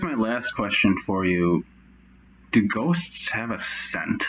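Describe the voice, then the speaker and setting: A man interviewing a guest, asking questions with hesitant, deadpan delivery. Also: fairly low pitch, slow pace. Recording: dull lo-fi mic with faint noise.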